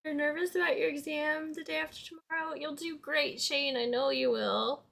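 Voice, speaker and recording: Giggly, high-voiced woman friend. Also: fairly even intonation, moderate pace, creaky, fairly bright tone. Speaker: friend on the stream. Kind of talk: casual chat. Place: online group voice chat.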